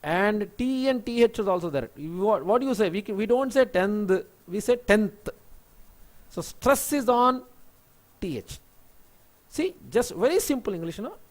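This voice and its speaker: Teacher, male, native Telugu speaker, high voice, spells words out and explains patiently. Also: animated, moderate pace. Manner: many fillers and restarts. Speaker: English teacher. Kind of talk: spoken English lesson.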